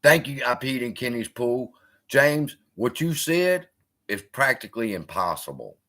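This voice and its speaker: Reading and replying to his chat, this man hosts a casual live stream in loose, profane bursts, heckling viewers with lots of energy. His voice is bright and forceful, his pitch leaps all over the place, and his pace is a little slow.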